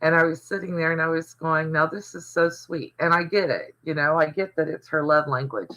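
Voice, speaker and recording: Speaking a little fast, this older Southern livestream host has a slightly high, bright, forceful voice, recorded in low quality. Chatty and rambling, he tells stories and answers comments from his viewers.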